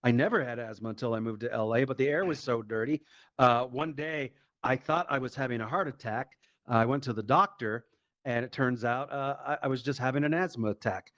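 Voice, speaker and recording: A man doing a stand-up set, telling a profane, animated story and acting out the quotes. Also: mid-range voice, fairly quick, muffled recording. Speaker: stand-up comedian. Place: live comedy show.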